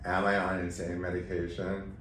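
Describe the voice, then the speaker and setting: A man with a very low voice tells his story candidly and with feeling, slipping into other people's voices as he quotes them. The room is echoey and a faint hiss sits underneath. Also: normal speed. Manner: emotional, animated, acts out quoted dialogue. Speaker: podcast guest. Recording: roomy echo, faint background noise.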